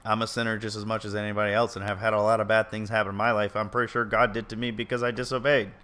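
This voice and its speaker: A man's voice: fairly low pitch, little pitch movement, racing, pushed and bright. A man giving casual commentary as he reads an article aloud, earnest and opinionated, rambling and often stumbling and correcting himself. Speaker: video commentator.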